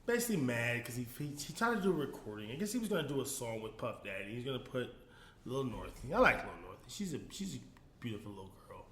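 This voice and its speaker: Animated man ranting in an echoey room. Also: mid-range voice, fast talker. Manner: animated, laughing often, addresses viewers as y'all. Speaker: commentary show host. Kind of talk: casual solo commentary. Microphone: phone.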